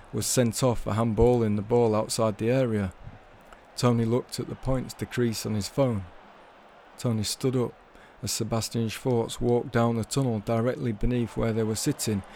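A man telling a comic story in a measured, deadpan way. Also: medium pitch, slight background noise. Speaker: storyteller guest.

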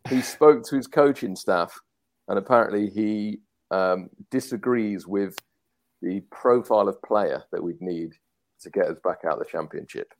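A man's voice: on the low side, moderate pace. A man from England co-hosting a football podcast, relaying news wryly in casual talk. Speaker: podcast co-host.

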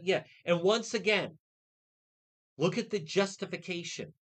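A man hosting a radio talk show, ranting indignantly and mocking others' words in quick put-on quotes. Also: high voice, very animated, husky.

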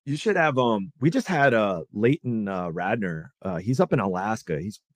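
A low-pitched man talking loosely on a podcast, full of fillers, restarts and profanity. His voice sounds close and dry, with almost no room around it. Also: animated, normal speed, no echo. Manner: rambling, profane, many fillers. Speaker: podcast host. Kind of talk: casual podcast chat.

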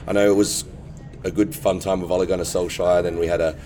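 Very deep hoarse man. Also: level tone, fast talker, mellow, soft background music. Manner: friendly, enthusiastic. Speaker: fan. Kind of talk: casual chat in a live interview. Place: fan gathering.

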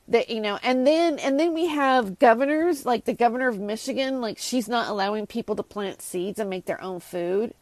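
Brief: woman host, slightly high voice, sarcastic and fed-up, very dry close sound. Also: a little fast, no echo. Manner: exasperated, sarcastic, rambling with many restarts. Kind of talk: casual solo rant.

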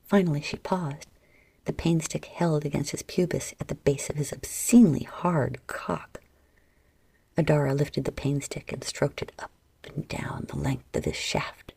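A woman narrating an erotic story in a soft, half-whispered delivery close to the mic. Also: low voice, lively intonation, normal speed, gravelly, breathy edge, dry recording.

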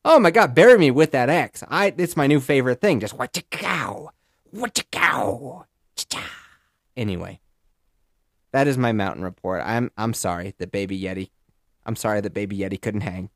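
A young man in casual podcast storytelling, rambling and jokey with lively bursts. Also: lowish voice, a little fast, no room sound, clean studio sound. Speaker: podcast host.

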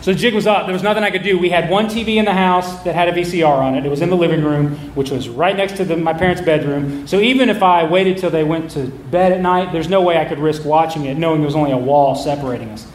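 Middle-aged guy spinning a funny personal story, kinda high voice, echoey room. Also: quick pace, hardly any pauses, slight background noise. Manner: candid, conversational, self-mocking. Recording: roomy echo.

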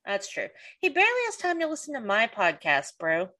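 A woman hosting a casual podcast chat, chatty and quick to laugh. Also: medium pitch. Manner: laughs often, lively and chatty. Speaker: podcast host.

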